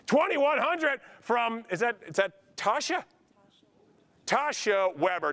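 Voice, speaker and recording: A man's voice: sits high, measured pace, pushed and bright. A man running a charity auction, calling out bids and coaxing named bidders with nonstop talkative banter. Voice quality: talkative, gift of gab. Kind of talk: live charity auction patter.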